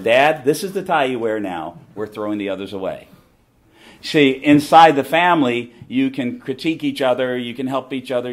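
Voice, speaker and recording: A middle-aged man with a Southern American accent, giving an emphatic preaching talk and repeating his key phrases. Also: medium pitch. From southern United States. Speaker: conference speaker.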